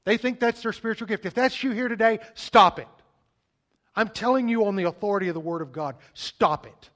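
Emphatic high-voiced male pastor preaching. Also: very fast. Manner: emphatic, repeats words when speeding up. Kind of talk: sermon.

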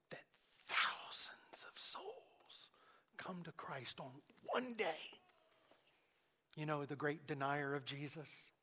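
A man with a fairly high-pitched voice preaches a sermon, swinging between loud emphasis and hushed asides. He acts out the quoted speech of Jesus and Peter.

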